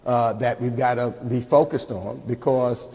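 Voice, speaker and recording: An older man answering an interviewer firmly, pausing with fillers. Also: medium pitch, fairly even intonation, mellow, big-room sound. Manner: firm, halting with fillers. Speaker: politician in news interview.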